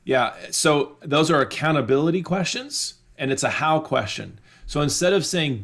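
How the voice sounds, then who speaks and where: A man's voice: a little high, animated, moderate pace, creaky, hardly any pauses, fairly bright tone. A man coaching dental teams at a live seminar, emphatic and repeating his key phrases.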